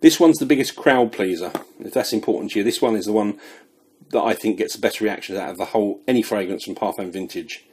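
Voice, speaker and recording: A man's voice: lowish voice, fast, a little mellow, breathy edge. A British man reviewing fragrances in a chatty, rambling way, a little out of breath. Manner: chatty, rambling, self-deprecating. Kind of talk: casual product review.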